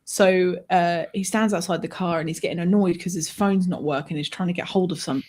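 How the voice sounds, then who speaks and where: A woman guest telling a personal anecdote in a lively, conversational way, often laughing and swearing. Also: on the low side, brisk. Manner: animated, laughing, swears freely. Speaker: author guest. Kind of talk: conversational storytelling.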